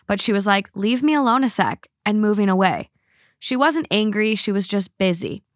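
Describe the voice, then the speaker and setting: A woman's voice: medium pitch, a bit bright, no echo, studio quality. A woman hosting a podcast, chatting casually, swearing freely and reading online posts aloud. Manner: swears freely, blunt opinions. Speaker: podcast host.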